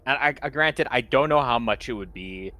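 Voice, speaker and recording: A man's voice: medium pitch, expressive, normal speed, bright, forceful tone. A man co-hosting a stream, chatting casually and hesitantly, thinking aloud.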